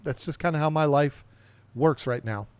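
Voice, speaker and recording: Hosting a casual livestream podcast, a man rambles from topic to topic, reading viewer chat aloud and chatting back as he goes. His voice sits a little high, clear and resonant, at a moderate pace, recorded dry and close with no room sound.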